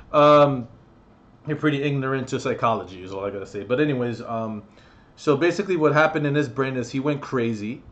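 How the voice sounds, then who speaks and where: A young man telling a story on his vlog in a blunt, rambling, profane way, with lots of fillers. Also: mid-range voice. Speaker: vlogger.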